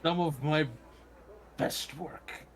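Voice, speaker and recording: A man's voice: a little high, fairly even intonation, slow. A man playing in a tabletop game, joking playfully. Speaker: player.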